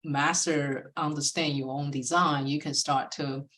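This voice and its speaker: A woman hosts a casual talk show in a very low voice. She speaks softly in halting phrases and breaks in often with short affirmations. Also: fairly even intonation. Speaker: podcast host. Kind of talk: casual chat.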